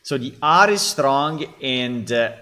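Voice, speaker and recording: A man with an Italian accent talks slowly and loosely, circling back over his words as he reviews AI voices. His speech is unhurried and laid-back, with Italian as his first language. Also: mid-range voice, expressive, pushed and bright. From Italy. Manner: rambling, repeats words, laughs often. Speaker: game developer. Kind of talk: casual commentary on AI voices.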